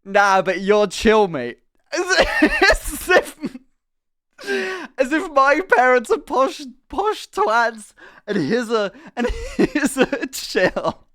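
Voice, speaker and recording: A young man telling a story casually on a live stream, animated and quick to laugh, swearing freely. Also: very high voice.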